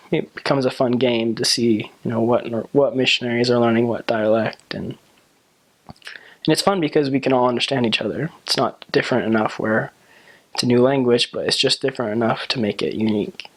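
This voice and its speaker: A man's voice: medium pitch, steady tone, fairly quick. A man, a returned missionary, speaking earnestly and conversationally with frequent fillers. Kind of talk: casual explanatory talk.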